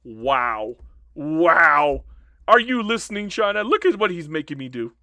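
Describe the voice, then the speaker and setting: A man's voice: a little high, sing-song, measured pace, bright, forceful tone, no echo, clean studio sound. A man streaming a strategy game live, playfully answering chat and mock-complaining as he talks through his plans. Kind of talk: live-stream gameplay commentary.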